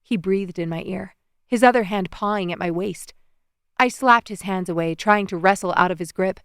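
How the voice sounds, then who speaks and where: An audiobook narrator reads a first-person romance novel, telling the story expressively at a moderate pace. Her mid-pitched voice is smooth and resonant, captured in a close, dry studio recording without any room sound.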